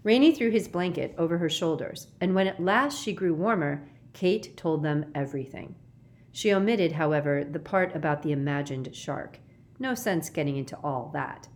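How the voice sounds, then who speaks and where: A woman's voice: sits low, lively intonation, moderate pace. Woman reading a children's audiobook. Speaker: audiobook narrator.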